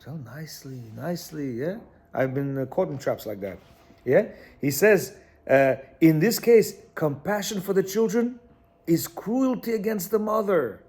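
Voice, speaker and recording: Guy teaching a class off a text, high voice that swings all over, keeps repeating himself and going "you hear?". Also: unhurried. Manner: animated, repeats phrases, checks in with listeners. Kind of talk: reading and explaining a text to a class.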